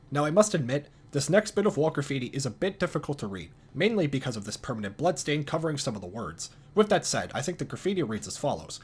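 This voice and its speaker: A man narrating video game lore in a calm, dry scripted style with casual swearing. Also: mid-range voice, quick pace, husky.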